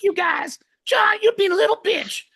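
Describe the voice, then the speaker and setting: A woman doing a shrill, taunting voice. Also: normal speed, a bit bright.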